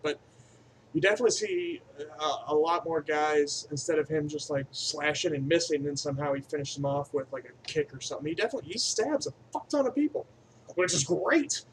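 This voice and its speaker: A man with a fairly high voice gives an improvised, profane movie review that rambles, lurching between enthusiastic outbursts and mumbled asides. The low-quality recording carries slight background noise.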